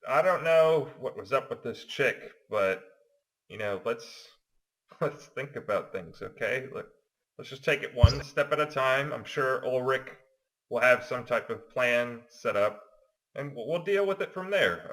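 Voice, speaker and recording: A man playing Cassius, a cautious, peace-loving adventurer, in a halting, hesitant way with many restarts. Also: medium pitch, animated, a bit bright, rough recording. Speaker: player.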